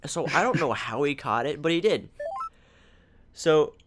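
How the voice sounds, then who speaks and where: A young man co-hosting a podcast over a voice call, telling rambling, animated stories. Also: on the high side, measured pace, background noise. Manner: rambling, animated, acts out family members. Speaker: podcast co-host. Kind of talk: casual chat, storytelling.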